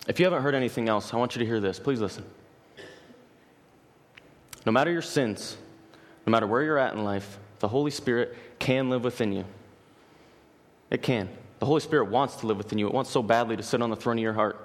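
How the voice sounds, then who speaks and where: A man's voice: medium pitch, a little fast, pauses often. A man preaching a sermon in earnest, emphatic, repeating key phrases as he builds his points. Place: church sanctuary. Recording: long hall reverb.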